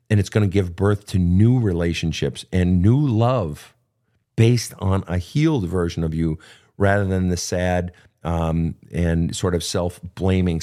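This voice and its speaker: A man's voice: low voice, a little mellow. A middle-aged man hosting a show, giving blunt, profane, direct advice to listeners' questions without a script. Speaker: podcast host answering listener questions. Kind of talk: unscripted advice talk.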